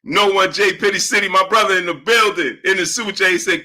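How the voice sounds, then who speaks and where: A man hosting a live stream, greeting viewers by name and repeating catchphrases in a lively way. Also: high-pitched, fast. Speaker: live-stream host reading viewer chat. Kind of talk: casual live-stream chat.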